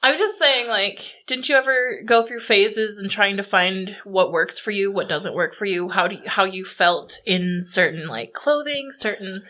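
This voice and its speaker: A woman's voice: mid-range voice, normal speed, hardly any pauses, bright, forceful tone, rough recording. A woman co-hosting a casual movie review podcast, chatty and giggly, with lots of "like" fillers. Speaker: podcast co-host. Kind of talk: casual chat.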